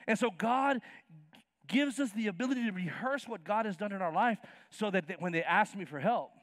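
A man's voice: sits high, brisk, dry recording, clean studio sound. A man in his fifties preaching a sermon as pastor, acting out Bible characters in casual slang. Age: 50s. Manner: animated, acts out Bible characters in slangy voices. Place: church sanctuary.

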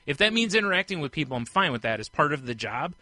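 Bright-voiced man chatting on a podcast. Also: a little high, fast, no echo. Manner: animated storytelling, acts out quoted voices. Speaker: podcast co-host. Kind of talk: casual chat.

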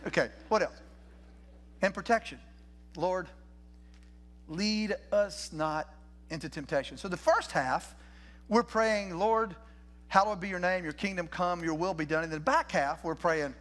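A man's voice: high voice, measured pace, pauses often, a bit bright. An older man preaching a sermon as pastor in a church, folksy and conversational, restarting phrases and asking the congregation questions. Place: church sanctuary.

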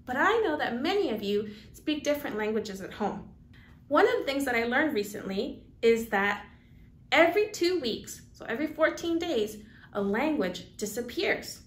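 A woman's voice: high voice, big pitch swings, moderate pace. A woman presenting a school news segment, teaching children words in an upbeat call-and-repeat style; Spanish is her first language. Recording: echoey room.

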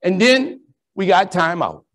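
A high-pitched man, a priest telling stories from the stage. He swings between bright, punchy lines and low, slow punchlines, acting out every quoted voice. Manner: animated, preacherly storytelling with acted-out quotes. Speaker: priest and keynote speaker. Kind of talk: storytelling conference keynote. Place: large conference ballroom.

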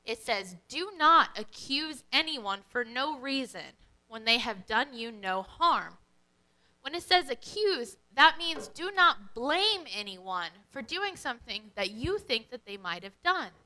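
Woman, children's worship leader, high voice, very animated, sing-song teacher tone. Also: slow pace, poor audio. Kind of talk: children's lesson to camera.

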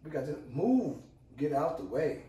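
A man's voice: on the high side, very animated, moderate pace, dark tone, reverberant, distant mic. A man hosting a casual cooking demo, hyped and repetitive, calling out to his viewers as he works. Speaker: cooking channel host. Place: home kitchen.

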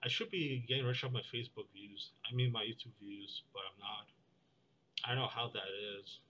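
A young man talking in a meandering, deadpan vlog monologue, full of fillers and restarts. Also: mid-range voice, fairly quick, highs cut off, slight background noise. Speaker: vlogger. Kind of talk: rambling monologue.

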